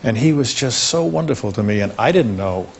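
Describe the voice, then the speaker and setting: An older man, a talk show guest, reminiscing fondly and at an unhurried pace about his past. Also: medium pitch, animated, creaky, dull audio, a little hiss or hum.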